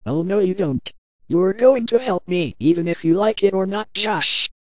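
A woman's voice: medium pitch, expressive, moderate pace, dry recording, muffled recording, close to an everyday voice. A woman voicing a possessed, murderous schoolgirl who taunts her victims in a menacing tone.

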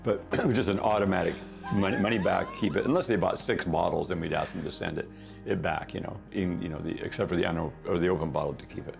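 A middle-aged man, a company founder, telling stories in a casual, animated way, often laughing at himself. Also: low voice, quick pace, gravelly, music in the background. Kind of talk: casual anecdotal storytelling.

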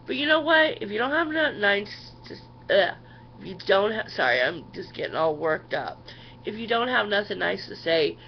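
A woman's voice: lowish voice, gravelly, dull audio, a little hiss or hum. A woman in her thirties records a heated video response at home, swearing often and leaning on "you know" and "um". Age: 30s. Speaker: vlogger. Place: at home, sitting.

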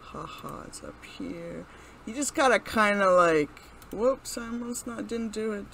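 A woman's voice: medium pitch, sing-song, unhurried, a bit bright, a little hiss or hum, rough recording. A woman hosting her gaming channel, casually commenting as she plays, reading commands aloud, laughing and exclaiming. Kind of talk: casual let's-play commentary.

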